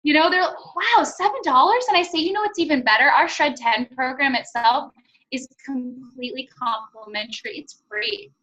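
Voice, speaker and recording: A woman's voice: high voice, normal speed, bright, forceful tone, muffled recording. A woman coaching her sales team on a conference call, enthusiastic and acting out sales conversations. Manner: enthusiastic, acts out sales dialogues. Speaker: network marketing team trainer.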